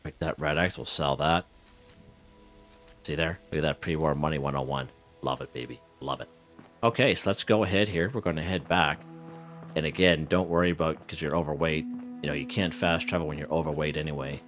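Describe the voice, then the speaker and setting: A man with an extremely deep, low voice talks through his gameplay in a loose, rambling way, chuckling between thoughts. Faint music plays underneath him. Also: brisk. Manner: relaxed, chuckling, lots of fillers and restarts. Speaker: gaming channel host. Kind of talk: casual gameplay commentary.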